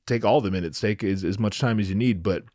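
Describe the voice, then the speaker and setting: A man's voice: lowish voice, quick pace, a little mellow, dry recording, clean studio sound, pitched below the performer's own voice, close to an everyday voice. A man voicing a stunned young male hero who stammers and over-explains. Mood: sheepish.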